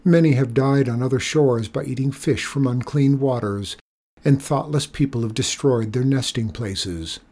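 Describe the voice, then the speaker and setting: Serious young teacher in a storybook, read by a man, earnest and pleading, husky tone. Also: mid-range voice, normal speed, darkish tone, lightly acted.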